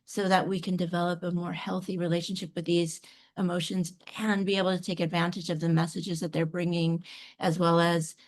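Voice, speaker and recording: A woman's voice: on the low side, level tone, brisk. A woman who is a life coach, a guest on a podcast, speaking reflectively and searching for her words. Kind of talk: conversational podcast interview.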